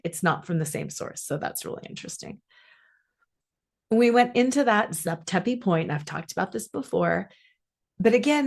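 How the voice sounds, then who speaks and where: Middle-aged woman coach, mid-pitched, unhurried reflective storytelling. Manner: earnest, spiritual, unhurried. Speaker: coach and podcast host.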